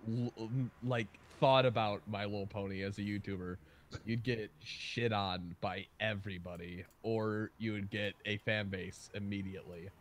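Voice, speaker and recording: A man's voice: fairly low pitch, normal speed, a little hiss or hum. A young adult man hosting a livestream, chatting casually and telling profane stories with a lot of energy. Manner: excitable, profane storyteller. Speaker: livestream host. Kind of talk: casual chat.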